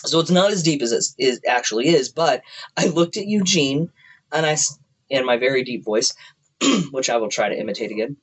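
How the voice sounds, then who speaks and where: Joking and laughing a lot, this home-recorded podcast co-host rambles through casual chat and slips into a deep voice when telling stories. He sounds expressive, fairly quick, and slightly rough, with poor audio.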